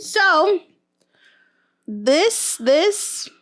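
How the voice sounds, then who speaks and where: A woman's voice: extremely high pitch, big pitch swings, very slow, fairly bright tone. A young woman co-hosting a podcast, chatting casually about celebrity gossip and breaking into breathless laughing fits. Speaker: podcast co-host.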